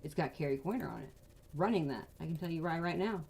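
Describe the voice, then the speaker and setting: A woman giving angry, casual political commentary, venting in rapid bursts of outrage. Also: sits low, lively intonation, creaky, darkish tone, breathy edge. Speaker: political advocacy vlogger.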